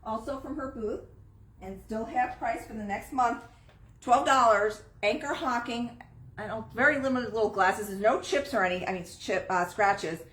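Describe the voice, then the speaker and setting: Fairly high and fairly bright, this woman's voice keeps a moderate pace as she sells antiques on a live stream. She chats her way through the items and prices, and the recording carries a roomy echo.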